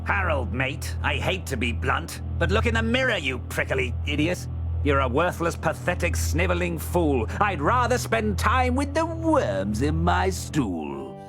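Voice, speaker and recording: A man's voice: high-pitched, lively intonation, unhurried, over music, voice pushed up. A man voicing an angry male hedgehog who has turned into a snarling monster. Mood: scornful. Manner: snarling, shouting insults.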